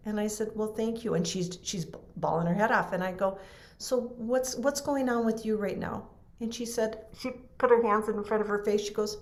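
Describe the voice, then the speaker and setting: A middle-aged woman appearing as a podcast guest speaks at a moderate pace in a slightly high voice. She shares a personal story in earnest, emotional conversation, frequently starting her sentences over.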